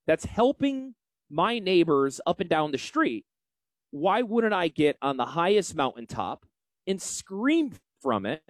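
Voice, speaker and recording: A man with a Yankee accent hosting a financial show, brash and salesy in a folksy promotional pitch. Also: no room sound. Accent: Northeastern US. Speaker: financial advisor and show host. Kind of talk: promotional radio talk.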